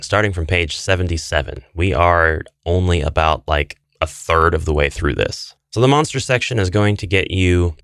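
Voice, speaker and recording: A man's voice: low voice, dry recording, clean studio sound. A man hosting a fantasy gaming channel, paging through a guidebook in a chatty way and reading passages aloud. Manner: chatty, reads passages aloud, restarts phrases. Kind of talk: casual book walkthrough.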